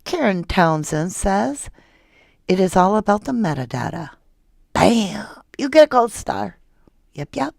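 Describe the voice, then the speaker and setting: A woman hosting a casual true crime livestream, chatting with viewers and reading their comments in an animated way. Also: a little slow, creaky, no room sound, clean studio sound. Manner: chatty and animated, jumping up high when excited.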